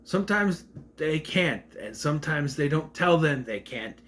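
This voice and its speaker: A man rambles through a casual movie rant, his pitch leaping around as he acts out lines. His voice sits a bit high for a man, and he trips over words now and then with a slight stutter. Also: measured pace. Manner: rambling, animated, acts out quotes in raised voices; mentions a stutter. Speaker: movie reviewer.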